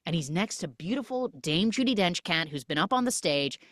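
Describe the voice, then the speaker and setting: A woman hosting a podcast, retelling a film with jokey, animated storytelling on a close mic. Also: on the low side, fairly quick, dry recording. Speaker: podcast host. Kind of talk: comic film recap.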